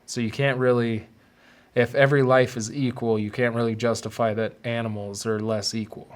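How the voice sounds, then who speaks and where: In a flat delivery at medium pitch, a male podcast host talks through a confessional, personal monologue. He stops often and repeats words as he searches for them.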